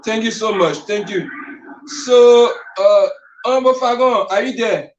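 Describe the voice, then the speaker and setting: A man with a Liberian English accent hosts a call-in radio program and briskly prompts callers to speak. His voice is fairly high, heard from a distance in an echoey room, and the sound is dull. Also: a little hiss or hum. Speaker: radio show host.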